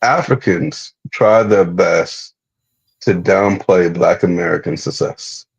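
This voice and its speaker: A man's voice: low-pitched, slow pace, gravelly, slightly rough, rough recording. A man speaking bluntly and emphatically in casual slangy chat.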